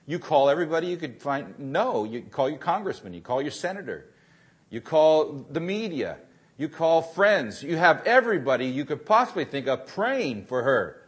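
A man preaching a sermon, telling a story that moves between hushed, quiet passages and rising intensity. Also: a little high, big pitch swings, moderate pace, breathy edge.

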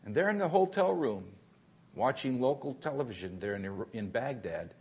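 Husky-voiced man preaching a sermon. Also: mid-range voice, lively intonation, normal speed. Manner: storytelling, swings from hushed to rising intensity.

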